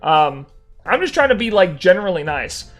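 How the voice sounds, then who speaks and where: A young man streaming live, chatting casually with viewers and telling an animated story with dry sarcasm. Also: high voice, moderate pace, faint music behind.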